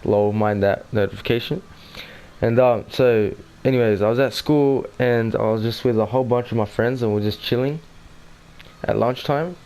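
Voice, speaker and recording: A man's voice: mid-range voice, moderate pace, warm tone, a little hiss or hum. A teenage boy telling a personal story in a rambling, casual way, swearing constantly and restarting his sentences. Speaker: gaming channel host.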